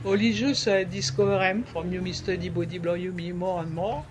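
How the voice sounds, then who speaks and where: A man, explaining things in an interview in a halting way, repeating words and slipping into French. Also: high voice, little pitch movement, background noise. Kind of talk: conversational explaining.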